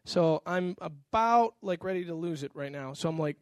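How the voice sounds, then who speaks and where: A man's voice: on the high side, expressive, moderate pace, clear, resonant tone, dry recording. A man preaching a sermon, animatedly telling a personal story about his son and acting out the voices. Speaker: pastor.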